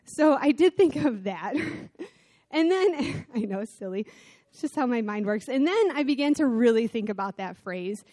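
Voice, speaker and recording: A middle-aged woman preaching a sermon in church, telling a self-deprecating personal story with animated delivery. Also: fairly high pitch, moderate pace, no echo, clean studio sound. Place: church sanctuary.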